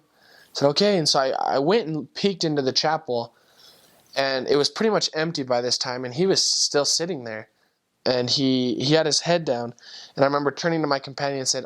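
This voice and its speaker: A man's voice: medium pitch, fairly quick, a bit bright. A young man, a former missionary, earnestly tells a personal conversion story and acts out the voices of the people in it. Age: young adult. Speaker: returned missionary.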